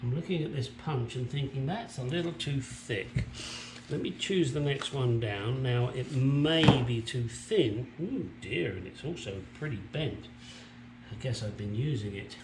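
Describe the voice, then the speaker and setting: Male hobby mechanic, vlog, chatty and crude, mid-pitched voice, faint hum behind. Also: expressive, a little slow. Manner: chatty, joking, crude asides; talks while working with tools. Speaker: car restoration vlogger. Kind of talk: casual workshop vlog. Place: home garage workshop. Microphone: camera mic on a stand nearby.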